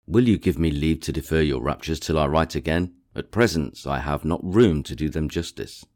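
A man reading the part of a proud, reserved gentleman who speaks in a dry, measured, coolly precise way. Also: very deep voice.

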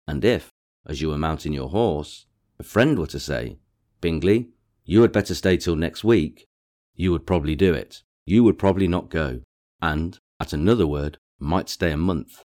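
A man reading a proud, cool gentleman, very deep. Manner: dry, measured, coolly precise.

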